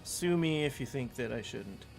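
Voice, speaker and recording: A man's voice: medium pitch, expressive, moderate pace, creaky, a little mellow, soft background music. A man casually chatting to viewers while opening trading card packs at home, playful and talkative. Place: room at home with fans running.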